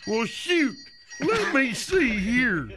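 A man playing a slow-witted cowboy ranch hand in a comedy sketch, talking in a slow folksy drawl. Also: extremely high pitch, very animated, pitched above the performer's own voice, full character voice. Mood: goofy.

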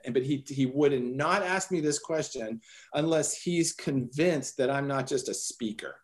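A man's voice: medium pitch, unhurried. A man being interviewed, earnestly telling a personal story and acting out bits of dialogue. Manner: earnest, animated retelling with quoted dialogue. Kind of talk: conversational storytelling.

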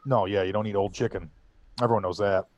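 A man's voice: lowish voice, fast. A young man co-hosting a podcast, telling crude stories with lots of swearing and mimicking other voices. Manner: animated storyteller, swears often, mimics voices. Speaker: podcast co-host. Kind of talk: casual crude banter.

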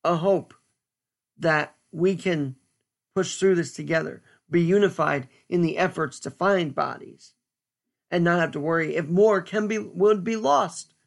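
A man giving an earnest, stern solo commentary as a podcast host, speaking deliberately with pauses. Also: on the high side, creaky.

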